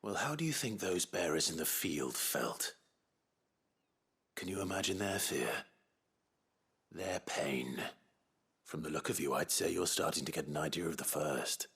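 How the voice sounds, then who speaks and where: An actor playing a grim, brooding young warrior who speaks in a low, husky near-whisper. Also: male voice, expressive, a little slow, pauses often, fairly bright tone, exaggerated voice. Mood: menacing.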